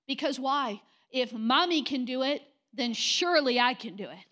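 A woman's voice: on the high side, a little fast, few pauses, fairly bright tone. A middle-aged woman pastor preaching a sermon in church, blunt and confrontational, acting out mocking quotes. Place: church sanctuary.

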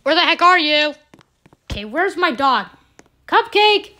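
A woman giving playful gameplay commentary, excitable, with sudden squealing exclamations. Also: high voice, normal speed, faint music behind, poor audio.

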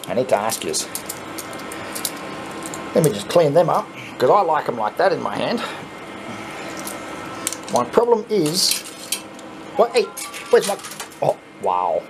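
An Australian man hosting a coin pusher channel, chatting casually and swearing when excited as he plays. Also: a little high, slow, gravelly, long pauses, noisy background. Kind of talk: casual commentary while playing. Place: arcade coin pusher machine.

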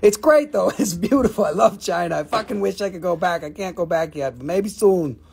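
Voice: medium pitch, animated, brisk, vocal fry, darkish tone, breathy edge. A live-stream rock and mineral seller chatting casually, with joking, profane, rambling sales patter.

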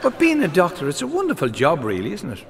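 An Irish male comedian telling a string of jokes in brisk stand-up style, with frequent "he says". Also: fairly high pitch, wildly swooping pitch, in a large hall, very noisy. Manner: brisk storytelling with many "he says".

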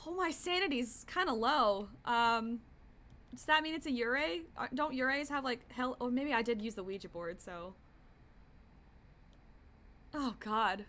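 High, bright-voiced jumpy woman streamer. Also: unhurried, pauses often. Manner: jumpy and easily startled, gasping and swearing. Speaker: streamer playing a horror game. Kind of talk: live game commentary.

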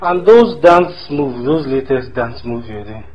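An actor playing a flattering male visitor, talking in a relaxed way. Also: mid-range voice, measured pace, close to an everyday voice. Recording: dull lo-fi sound, crowd noise.

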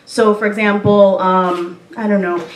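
A woman's voice: mid-range voice, steady tone, unhurried. A woman poet casually talking to an audience in a playful, teasing, profane way. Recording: echoey room from far off.

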